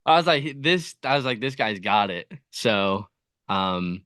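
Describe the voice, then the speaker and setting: Bright-voiced man telling a story easygoing. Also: on the low side, animated, unhurried, clear, resonant tone, dry recording, clean studio sound. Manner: easygoing storyteller, lots of likes and you-knows. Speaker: podcast guest, content creator. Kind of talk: casual interview.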